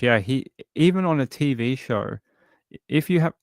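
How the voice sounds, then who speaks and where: An Australian man who runs a livestream show, chatting casually and cooing softly to his cat at home into a desk microphone. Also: mid-range voice, normal speed, no room sound, clean studio sound. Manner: soft, chatty and rambling, coos at his cat. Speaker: true crime streamer. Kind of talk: casual chat during a livestream. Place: home, indoors.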